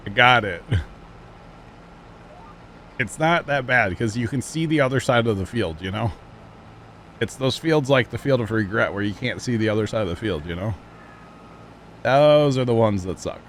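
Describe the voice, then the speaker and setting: A man livestreaming a farming game, chatting casually with viewers and teammates, thanking them between quick exclamations. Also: lowish voice, animated, a bit bright, slight background noise. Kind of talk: casual gaming livestream chat.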